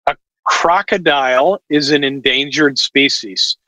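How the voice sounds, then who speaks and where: A watch distributor appears as a podcast guest over a video call, explaining things at length with plenty of fillers in casual chat. His mid-range voice is sharp and a little slow, and the dry recording has poor audio quality.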